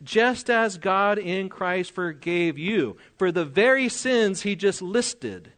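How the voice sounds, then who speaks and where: A man's voice: high voice, animated, takes it slowly, a bit bright. An older man preaching a sermon, reading scripture aloud, explaining it and asking his listeners questions.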